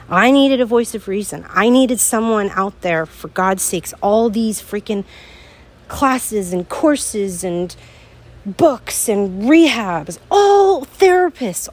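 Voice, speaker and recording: A middle-aged woman hosting a solo podcast, talking earnestly and emotionally to her listeners, her voice rising in bursts of feeling. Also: medium pitch. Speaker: podcast host. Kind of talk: heartfelt solo podcast monologue.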